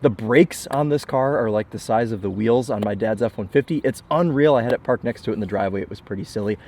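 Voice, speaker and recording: A man's voice: mid-range voice, fast talker, darkish tone. A young man from Michigan giving casual, enthusiastic car walkaround commentary with chatty, self-deprecating asides. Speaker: car reviewer.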